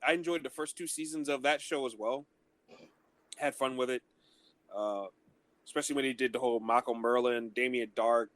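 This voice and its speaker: Easygoing man co-hosting a podcast. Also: medium pitch. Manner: relaxed, easygoing fan talk with fillers and mild swearing. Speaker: podcast co-host. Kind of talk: casual chat.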